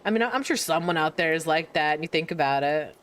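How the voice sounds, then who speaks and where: A woman's voice: deep voice, animated, quick pace. A woman streaming a game, chatting casually and playfully, laughing often and swearing now and then. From United States. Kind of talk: casual gameplay chat.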